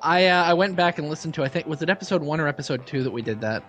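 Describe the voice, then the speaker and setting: A man's voice: fairly high pitch, animated, racing, fairly bright tone, faint music behind. A man co-hosting a podcast in casual chat, trading dry, wisecracking banter. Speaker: podcast co-host.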